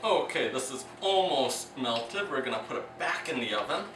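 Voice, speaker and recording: A man's voice: mid-range voice, expressive, normal speed, noisy background. A man co-hosting a casual comedic cooking show, self-mocking and upbeat. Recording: echoey kitchen, distant mic, faint music.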